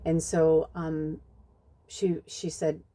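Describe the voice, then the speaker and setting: Rambling woman with a low, mellow voice. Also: slow. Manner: animated, rambling, heavy use of "like" and "you know"; acts out quotes with jumps in pitch. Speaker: psychic medium. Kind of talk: casual spoken storytelling in a reading video.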